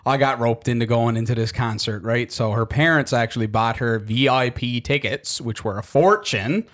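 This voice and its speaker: A man's voice: mid-range voice, moderate pace, a bit bright. A man on a casual podcast, telling a long story with frequent swearing and laughter. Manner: swears freely, laughs through his story. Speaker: podcast co-host.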